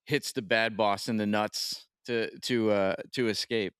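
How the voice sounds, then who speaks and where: A man's voice: fairly low pitch, fairly even intonation, unhurried, a bit bright, smooth, no echo, studio quality. A man co-hosting a podcast, chatting casually and laughing often. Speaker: co-host.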